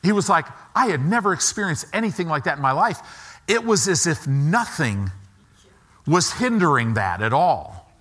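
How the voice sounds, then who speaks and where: Bright-voiced, lively preaching man. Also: fairly high pitch, normal speed. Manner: emphatic, repetitive, call-and-response preaching. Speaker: pastor. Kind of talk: sermon.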